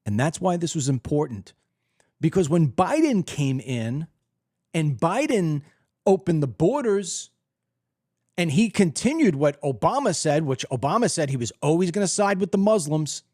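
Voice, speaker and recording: Heated guy host doing a monologue at his desk, dry close sound, jumps all over in pitch. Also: sing-song, normal speed, darkish tone, no room sound. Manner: emphatic, heated, acts out other people's reactions. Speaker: political commentary host. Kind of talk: opinionated monologue.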